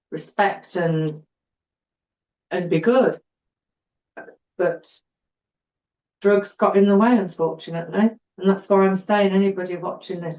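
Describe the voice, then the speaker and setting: A woman's voice: medium pitch, a little mellow. A middle-aged woman, a podcast guest telling her personal story in an earnest way and repeating words for emphasis. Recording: roomy, dull-sounding recording.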